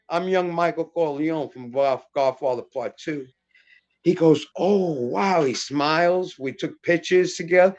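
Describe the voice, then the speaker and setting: A man's voice: fairly high pitch, measured pace, muffled recording. A middle-aged man, an actor, chatting casually and acting out the people in his stories. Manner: animated storyteller acting out dialogue. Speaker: actor guest. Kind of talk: casual chat.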